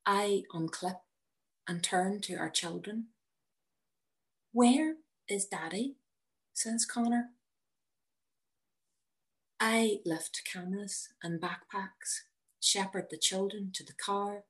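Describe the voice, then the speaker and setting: A woman reading her own personal story aloud in a measured, wry manner. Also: medium pitch, a bit bright. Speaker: narrator.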